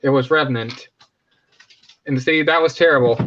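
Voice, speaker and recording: A man's voice: mid-range voice, moderate pace, lo-fi sound. A man hosting a casual live stream, rambling, joking and correcting himself as he talks.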